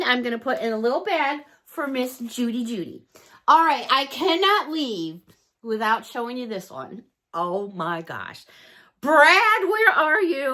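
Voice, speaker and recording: Gushing woman, lively bright voice. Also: sits high. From Chicago, USA. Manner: gushing, excitable, chatty. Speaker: haul vlogger. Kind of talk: casual unboxing chat.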